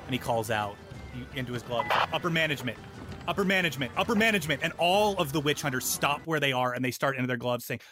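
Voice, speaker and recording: A man narrating a tabletop game as game master, playful and quick to slip into little voices. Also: mid-range voice, loud music behind the voice.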